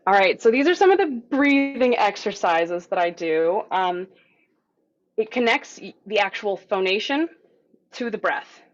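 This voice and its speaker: A young adult woman coaching an online group voice lesson, calm and encouraging as she talks through breathing and resonance exercises. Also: mid-range voice, unhurried, lo-fi sound. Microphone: video call mic.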